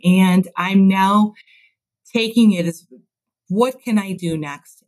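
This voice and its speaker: Earnest low-voiced woman executive. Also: a little mellow, poor audio. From Chicago, USA. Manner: earnest, reflective, laughs at herself. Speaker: construction executive, podcast guest. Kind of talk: casual interview storytelling.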